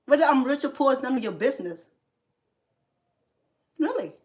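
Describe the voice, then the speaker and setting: A Cambodian woman learning English hosts a cooking livestream and angrily scolds a rude viewer, her rant full of heated sarcasm. Her voice is high-pitched with big swings in pitch, and she talks at a moderate pace.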